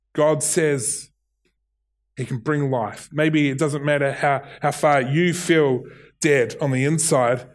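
A middle-aged man with a New Zealand accent preaching a sermon, earnest, often restarting and repeating his words. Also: on the high side. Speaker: pastor.

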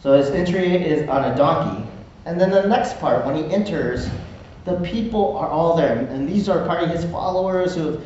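A man's voice: on the high side, moderate pace, darkish tone, a little hiss or hum. A man preaching a conversational sermon, often checking in with "right?". He is recorded from far off in an echoey church hall with dull sound. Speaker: pastor.

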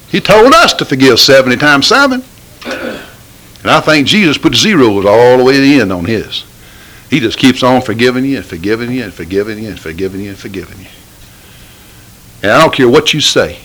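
A middle-aged man preaching an informal sermon. His delivery is folksy and pleading, and it breaks into fervent bursts. His pitch swings widely from low murmurs to high exclamations. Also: a bit bright, low-quality recording. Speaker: lay preacher.

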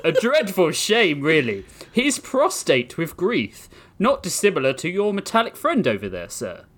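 A man voicing a pompous, posh British ape gentleman with a plummy, drawling put-on British accent. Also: high-pitched, wildly swooping pitch, moderate pace, voice pushed up, exaggerated voice.

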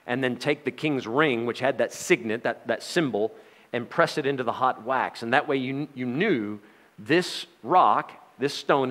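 A man's voice: mid-range voice, a bit bright. Folksy, joking preacher man. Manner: folksy, jokey, with frequent laughs and restarts. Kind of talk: sermon.

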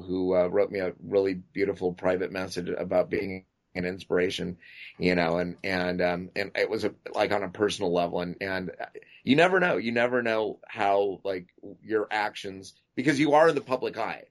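A man guest on a podcast chatting casually, rambling and halting, often breaking into laughter. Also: sits low, fairly even intonation. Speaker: podcast guest, makeup artist. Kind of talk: casual chat. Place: at home, tying a wig while talking.

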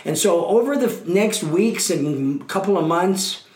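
A man's voice: high-pitched, expressive, unhurried, darkish tone. Man with roomy echo, earnest testimony. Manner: candid, earnest storytelling. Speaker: guest. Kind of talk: personal recovery testimony.

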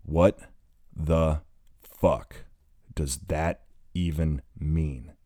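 A bitter, heartbroken young man, a little drunk, swears and almost shouts in an audiobook scene, read by a man. The voice is extremely low and dark. The recording is dry and close. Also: unhurried, no room sound. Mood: angry.

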